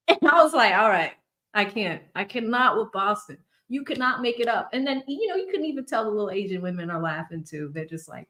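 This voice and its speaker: Woman, live streamer, casual chat, laughs often, mid pitch. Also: lively intonation, moderate pace, a bit bright. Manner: chatty, laughs while telling stories. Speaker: trial-watch streamer.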